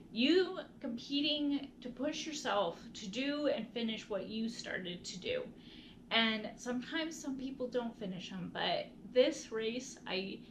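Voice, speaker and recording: A woman's voice: medium pitch, fairly bright tone, a little hiss or hum, poor audio. A woman vlogger telling a personal story in a casual, earnest, heartfelt way, often restarting her sentences.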